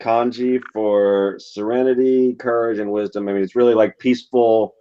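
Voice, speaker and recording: A man co-hosting a podcast in laid-back, deadpan casual chat. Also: lowish voice, moderate pace, clear, resonant tone. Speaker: podcast co-host. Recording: dull lo-fi sound.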